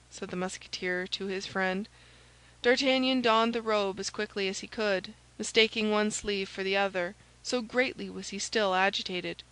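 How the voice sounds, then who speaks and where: Woman audiobook narrator, steady, even delivery. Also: medium pitch, moderate pace, rough recording. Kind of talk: scripted narration.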